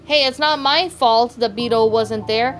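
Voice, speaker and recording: Sarcastic slacker girl gem, woman voicing, slightly raised pitch, music faint under. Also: a little slow, a bit bright. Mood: snappy. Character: sarcastic lazy young female gem.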